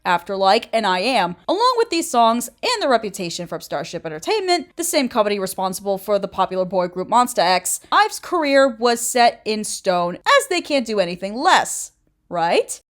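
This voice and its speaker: A woman's voice: mid-range voice, very animated, moderate pace. A woman in her late twenties narrating a commentary video essay in a sassy, blunt, opinionated way. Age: 20s. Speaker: YouTuber.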